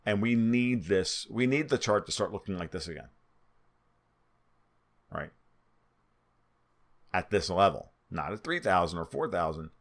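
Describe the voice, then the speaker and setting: A man with a New York accent and a nasal voice, talking through market charts in a twitchy, off-the-cuff way. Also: on the low side. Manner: twitchy, spitballing, restarts often. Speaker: market commentator. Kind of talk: solo market analysis over charts.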